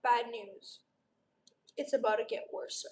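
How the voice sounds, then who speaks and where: Young woman from Romania, high voice, sore throat, bubbly and gushing, live-stream chat, roomy echo. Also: steady tone, measured pace. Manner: bubbly, gushing, chatty, replying to chat aloud. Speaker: livestream host.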